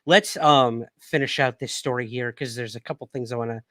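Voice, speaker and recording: A young adult man hosts a casual livestream, reading news items aloud and breaking off to chat with his viewers, calling them guys. He hiccups now and then from sipping whiskey. His voice sits at a middle pitch and sounds dry and close, with no room echo. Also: steady tone, fairly quick, a bit bright. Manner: chatty, addresses viewers as guys, reads articles aloud. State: hiccuping after drinking whiskey. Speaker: livestream host.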